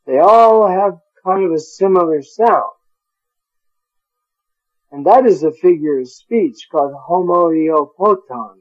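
A native English-speaking man teaches a Bible study, carefully sounding out Greek words and chuckling at his own stumbles over hard terms. His voice sits high and he speaks slowly, with the highs cut off in the audio.

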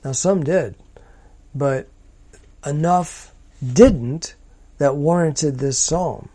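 Slow, deliberate male Bible teacher. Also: on the high side, warm tone, husky. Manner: slow, deliberate, emphatic with pauses. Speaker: preacher.

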